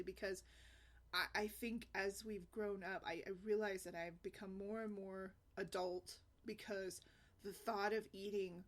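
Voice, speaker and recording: Woman vlogger, chatty storyteller, loose and rambling, quick to laugh. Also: medium pitch, a bit bright. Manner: chatty, rambling, laughs often, many fillers. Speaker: single mom blogger. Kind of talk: casual personal storytelling.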